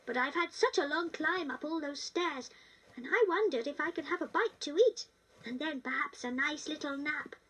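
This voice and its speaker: Brief: funny little green frog, voiced by a woman, croaky, British, boyish. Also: high voice, normal speed, fairly bright tone, recorded from a distance, rough recording. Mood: friendly. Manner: croaky, ribbiting.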